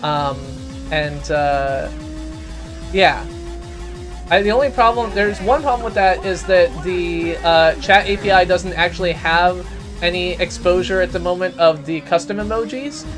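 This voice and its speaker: A man hosting a live game stream, chatting casually and ranting loudly in rambling asides. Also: sits high, a little slow, over music.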